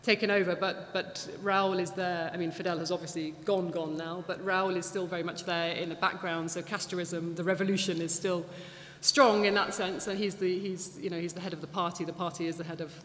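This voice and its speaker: A woman's voice: lowish voice, a little fast, few pauses. Chatty woman speaking in an echoey hall. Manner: chatty, animated, many restarts and fillers. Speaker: guest speaker at a public talk. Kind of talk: anecdotal lecture with audience Q&A. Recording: echoey hall, faint background noise.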